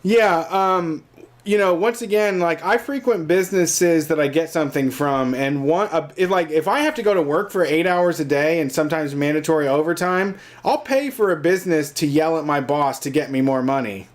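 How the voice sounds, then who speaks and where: A man's voice: on the high side, normal speed. A man co-hosting a casual comedic talk show, riffing on topics and spinning mock scenarios. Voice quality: jokey, riffs into mock scenarios. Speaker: podcast co-host.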